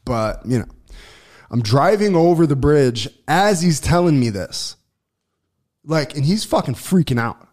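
A man telling a long personal story on a casual podcast, swearing freely, restarting sentences and getting loud when excited. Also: a little high, measured pace. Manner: profane, rambling, lots of restarts and fillers; gets loud and excited when reliving events. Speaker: podcast co-host.

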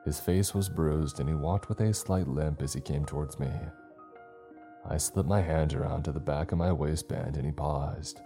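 A male narrator reads a first-person horror story with a very deep, dark voice. His delivery is steady and measured. Faint music plays underneath.

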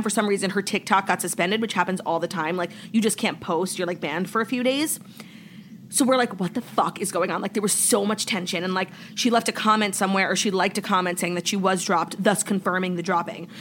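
A woman's voice: mid-range voice, slight background noise. A young woman from New York co-hosting a podcast, telling a story in casual chat full of "like" fillers. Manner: chatty, heavy "like" filler, animated retelling. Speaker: podcast co-host.

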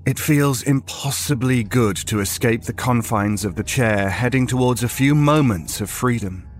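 A man narrating a horror story in a measured, storytelling way. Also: medium pitch, slight background noise.

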